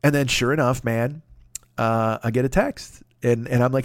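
A man telling a story in a casual monologue, animated and profane, often acting out the dialogue. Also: medium pitch, moderate pace, no room sound, clean studio sound. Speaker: podcast host.

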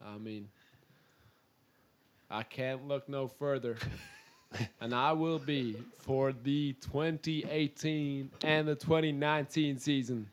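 An Irishman playing a male American college football recruit with a Texas accent, announcing his commitment in a mock-earnest, quiet way. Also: mid-range voice, steady tone, slow pace, pauses often, background noise, natural voice. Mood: mock-solemn.

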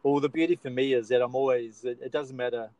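A man's voice: mid-range voice, fairly even intonation, fast, mellow, no echo, dull audio. A man with an Australian accent hosting a casual podcast chat, easygoing and bantering with his co-host.

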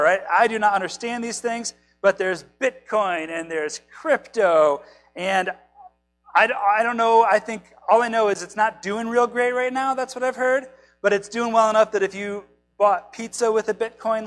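Poor audio captures a high-pitched, somewhat bright male voice. The speaker is a pastor, likely in his thirties or forties, delivering a relaxed, conversational sermon full of self-deprecating jokes and questions for the audience.

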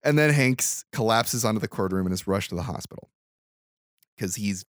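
A man's voice: lowish voice, normal speed, no echo. Dry-voiced man recapping a movie. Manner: animated retelling, acting out quotes, swearing. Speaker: podcast host. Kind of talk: casual movie recap chat.

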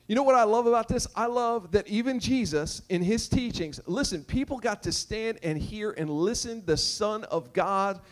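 A high-pitched man preaching a sermon. He is emphatic and repetitive. He jokes and keeps asking the crowd questions. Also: normal speed, few pauses. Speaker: pastor.

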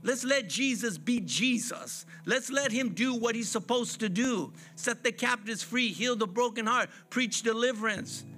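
High, bright-voiced fervent male preacher. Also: unhurried, hardly any pauses, soft background music. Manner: fervent, repetitive preaching with call-and-response phrasing. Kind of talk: sermon.

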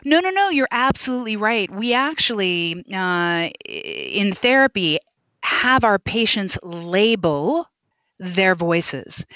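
Slow, emphatic woman on a dull line. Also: mid-range voice, sing-song, a bit bright, no room sound. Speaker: speech-language pathologist guest. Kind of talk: interview conversation. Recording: dull lo-fi dry sound.

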